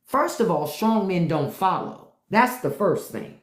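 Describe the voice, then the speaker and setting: A woman's voice: fairly low pitch, sing-song, unhurried. A woman hosting a live stream, ranting bluntly and profanely and mocking the people in her chat. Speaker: podcast host on a live stream. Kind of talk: unfiltered live-stream rant. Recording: echoey room.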